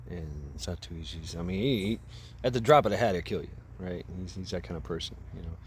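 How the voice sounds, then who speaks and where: A man's voice: sits low, brisk, a little hiss or hum. A man vlogging outdoors into a camera mic, casually retelling a movie in a rambling, profane way. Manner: rambling, profane, laughs at his own story. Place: outdoors by a path.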